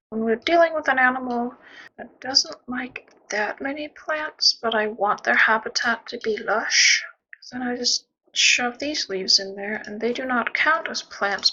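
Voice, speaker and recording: A woman's voice: on the high side, bright, forceful tone, lo-fi sound. A woman chatting casually as she plays a zoo-building game, talking to the animals, making playful sound effects and muttering half-whispered asides. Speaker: gameplay streamer building a zoo. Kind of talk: casual commentary while playing.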